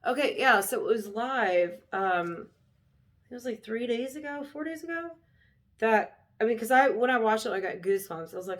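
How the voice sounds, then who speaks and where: A woman's voice: fairly high pitch, moderate pace. Profane, heated woman ranting to camera. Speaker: vlogger. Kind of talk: casual rant to camera.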